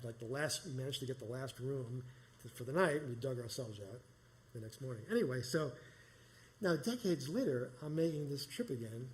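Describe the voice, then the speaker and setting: Live in a small performance space, a middle-aged New Yorker tells a personal story, rambling and conversational with many restarts. His mid-range voice is a little mellow. A little hiss or hum is audible.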